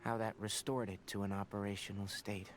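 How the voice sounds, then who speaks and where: An actor voicing a calm, somber young male scholar in a video game, explaining things in a measured way. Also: lowish voice, faint music behind, close to an everyday voice.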